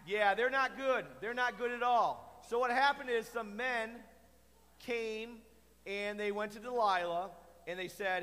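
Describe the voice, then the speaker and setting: Brief: high-pitched male kids' church teacher, playful storyteller, echoey hall sound. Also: normal speed. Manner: playful, animated, asks the kids questions. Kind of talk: kids' Bible lesson.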